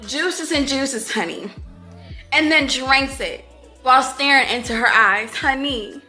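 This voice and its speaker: A young woman with a bright, slightly high voice gushes to her viewers in a casual book review vlog. She giggles often and keeps calling them y'all and honey. Faint music plays underneath. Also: unhurried.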